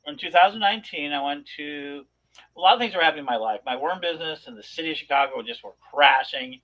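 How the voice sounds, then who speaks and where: A man on a talk show telling a long personal story in a rambling, animated way, with many restarts. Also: on the high side, fast, muffled recording. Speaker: podcast co-host. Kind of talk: casual storytelling chat.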